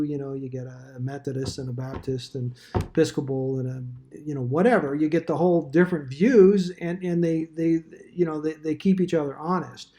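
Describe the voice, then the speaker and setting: A man's voice: a little high, mellow. A man teaching a Bible study class in a casual, rambling way, with dry asides.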